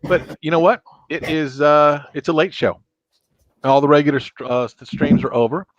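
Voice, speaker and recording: A man's voice: on the high side, steady tone, moderate pace, dry recording. A man hosting a casual late-night live stream on a laptop mic, joking around and reading out viewer comments. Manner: jokey, keeps reading out viewer chat and counts. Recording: dry, dull lo-fi sound.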